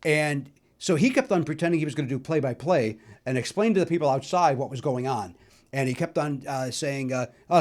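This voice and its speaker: A middle-aged man from the Chicago area hosting a solo podcast, telling stories in a chatty, animated way with lots of fillers. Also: on the high side, brisk. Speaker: podcast host. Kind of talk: solo musical nostalgia talk.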